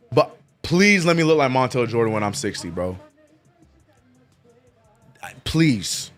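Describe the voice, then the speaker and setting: A man hosting a live sports watch-along, chatting casually and excitably with lots of slang and repeated "bro". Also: fairly high pitch, measured pace, long pauses, soft background music. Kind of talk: casual live-stream chat.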